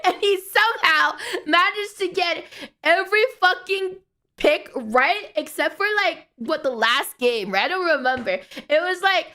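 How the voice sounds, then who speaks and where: High-pitched, bright-voiced young woman streamer. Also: expressive, a little slow. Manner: chatty, rambling, swears casually, chants playfully. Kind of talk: casual late-night stream chat.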